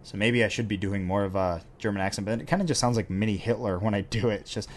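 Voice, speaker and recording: A man's voice: lowish voice, fast talker. A man hosting a casual Q&A, answering viewer questions in a dry, sarcastic way. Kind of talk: casual Q&A chat.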